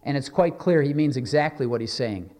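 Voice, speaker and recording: A man preaching a sermon as pastor, earnest and measured, slowing down for emphatic scripture readings. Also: medium pitch, animated, a little mellow, in a large hall.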